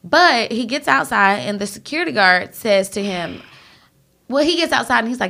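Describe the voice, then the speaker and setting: A woman's voice: a little high, lively intonation, moderate pace, vocal fry, sharp tone. A woman animatedly retelling reality TV drama in casual chat, swearing freely and slipping into slangy voices for the people she recaps. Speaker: podcast co-host recapping reality TV.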